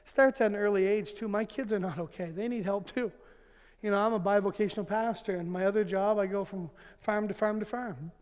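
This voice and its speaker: High-voiced preacher in a reverberant hall. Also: male voice, fairly even intonation, brisk, darkish tone, clear, resonant tone. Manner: chuckles through his own jokes, then turns earnest. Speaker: pastor. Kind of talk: sermon with humorous family stories. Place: church sanctuary. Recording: long church hall reverb.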